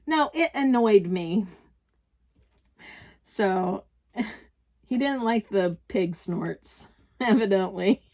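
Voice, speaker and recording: An older woman with a Midwestern American accent talks unhurriedly, in a casual crafting chat. She rambles from one story to the next, laughs easily and stops to correct herself. Her voice sits at a middle pitch. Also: darkish tone. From United States. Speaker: crafting vlogger.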